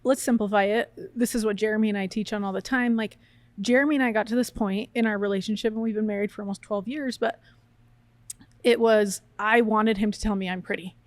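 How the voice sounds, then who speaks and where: A woman in her thirties, a podcast guest, chatting in an animated way and acting out quoted voices. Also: mid-range voice, fairly quick, no echo. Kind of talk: casual chat.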